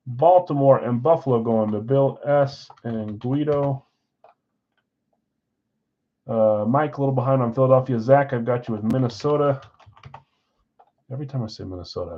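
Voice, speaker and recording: A man's voice: mid-range voice, dull audio. A man hosting a live card break from a card shop, chatting casually while rattling off names and teams.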